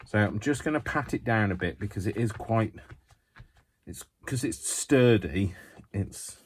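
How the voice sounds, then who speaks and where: A man's voice: lowish voice, expressive, a little slow, slight background noise. A man chatting his way through a hands-on craft tutorial at home, wandering off into self-mocking asides.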